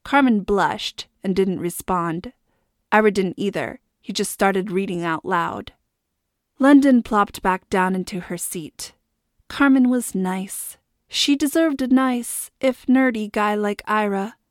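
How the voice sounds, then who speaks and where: A woman reads a novel aloud in a steady, expressive narration. Her voice sits at a middle pitch. The sound is close and dry. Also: takes it slowly, no echo. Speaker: audiobook narrator. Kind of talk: scripted narration.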